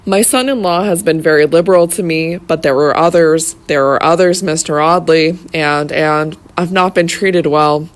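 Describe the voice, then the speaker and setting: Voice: medium pitch, normal speed, few pauses, natural voice. An audiobook reader voicing a whining, self-pitying old grandfather who keeps apologizing. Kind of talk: audiobook character reading.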